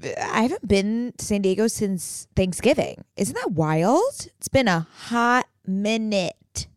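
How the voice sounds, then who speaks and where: A bubbly, playful young woman co-hosting a casual podcast at an ordinary middle pitch. Her voice sounds dry and close, with no room around it. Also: sing-song, measured pace, no echo. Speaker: podcast co-host. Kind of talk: casual chat.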